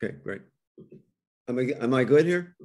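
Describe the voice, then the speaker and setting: An older man speaks as a guest rabbi over a video call, his voice at an ordinary middle pitch. He talks in a halting, thoughtful way with frequent restarts. He then builds his points through rhetorical questions. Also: animated, a little mellow. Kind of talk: reflective interfaith talk.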